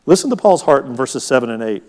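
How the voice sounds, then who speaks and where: Pastor preaching in a reverberant hall. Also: male voice, mid-range voice, big pitch swings, fast talker, darkish tone. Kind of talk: sermon.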